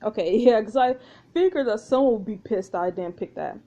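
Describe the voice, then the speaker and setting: A high-voiced woman reads a story game aloud, breaking off for giggly, chatty comments. Her tone is warm and mellow, and the recording sounds a little dull and lo-fi. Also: lively intonation, a little fast. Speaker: let's play narrator. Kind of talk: reading a story game aloud with casual reactions.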